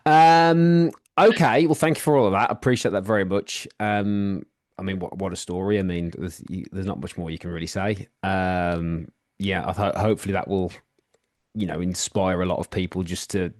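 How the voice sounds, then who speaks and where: A man's voice: sits low, steady tone, a little fast, a little mellow, dry recording, studio quality. A man hosting a podcast interview, giving short affirmations and asking long, rambling questions. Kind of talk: casual interview.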